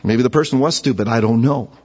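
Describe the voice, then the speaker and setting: Preaching as a pastor, a man speaks fast in a mid-range voice that is a little mellow and husky. His sermon is conversational, full of rhetorical questions and repeated words, captured in a dull, echoey church hall.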